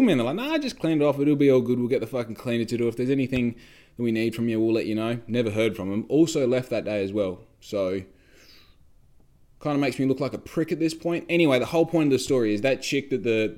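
A man's voice: medium pitch, darkish tone. A young Australian man telling a rambling story in casual chat, swearing freely and acting out the voices of the people he quotes.

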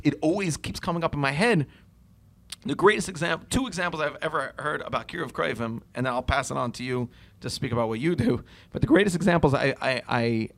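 A young man hosting a casual podcast conversation, telling stories in a lively way and acting out the dialogue. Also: medium pitch, gravelly. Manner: animated storyteller, acts out dialogue.

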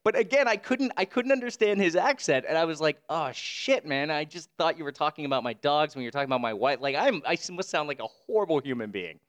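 A man's voice: a little high, animated, fast, few pauses, a bit bright. A man chatting casually as co-host, telling a rambling story and laughing often. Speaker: podcast co-host. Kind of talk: casual chat. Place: Brooklyn.

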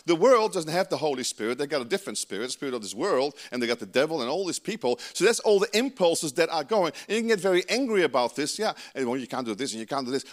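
A man from the Netherlands with a Dutch accent, preaching a sermon with emphatic, conversational asides. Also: a little high. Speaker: pastor.

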